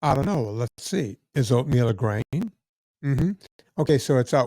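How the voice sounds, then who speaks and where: A podcast host with a Louisiana accent talks bluntly and chattily, repeating his points for emphasis in casual conversation. His medium-pitched voice is mellow and expressive at a moderate pace, recorded with studio quality and no room sound.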